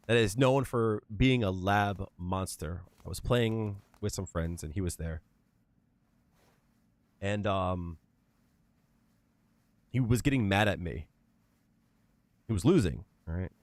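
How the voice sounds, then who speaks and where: A man's voice: lowish voice, no echo. A man streaming and chatting casually, telling stories in a profane, emphatic way. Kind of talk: casual livestream chat.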